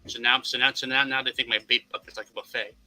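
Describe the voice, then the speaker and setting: A man's voice: medium pitch, level tone, quick pace, sharp tone, low-quality recording. A man telling a long story in a casual podcast chat, rambling and swearing, restarting his sentences again and again. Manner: rambling, lots of repeated restarts, wry and profane. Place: Florida.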